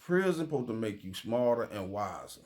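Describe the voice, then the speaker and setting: A man's voice: lowish voice, big pitch swings, moderate pace, darkish tone. A streetwise man giving casual true crime commentary, forever checking in with "you feel me". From Miami.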